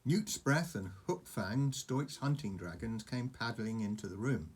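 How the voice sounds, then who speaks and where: An older man, a grandfather, reading a storybook aloud to a grandchild with gentle chatty asides. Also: fairly low pitch, lively intonation, measured pace, husky. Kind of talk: storybook reading over a message.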